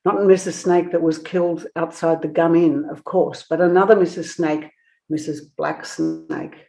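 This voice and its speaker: Woman reading a children's book aloud, expressive, lowish voice. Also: normal speed. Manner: expressive, storytelling. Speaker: narrator.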